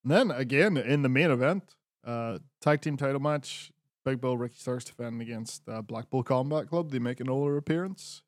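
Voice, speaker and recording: A man's voice: mid-range voice, normal speed, no echo, clean studio sound. A man co-hosting a podcast, recapping wrestling in a laid-back way with lots of fillers and the odd swear. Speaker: podcast co-host. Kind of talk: casual wrestling chat.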